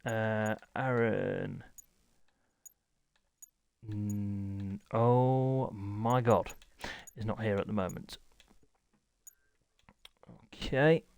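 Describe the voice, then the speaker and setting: A man's voice: fairly low pitch, extremely slow, vocal fry, pauses often, darkish tone, smooth, no echo. A young man streaming a racing league, talking to chat while he fumbles with setup, harried and apologetic. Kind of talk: live-stream chat to viewers.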